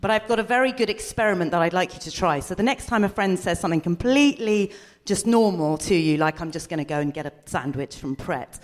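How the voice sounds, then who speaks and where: A woman's voice: lowish voice, expressive, fast. A woman co-hosting a live comedy podcast, telling self-mocking stories and laughing through them in front of an audience. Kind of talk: live stand-up storytelling. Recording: noisy live recording.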